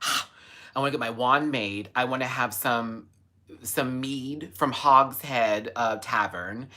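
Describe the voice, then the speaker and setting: A man hosting a casual live stream, gushing and chatty, with sudden high squeals of excitement. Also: slow. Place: home, in Los Angeles.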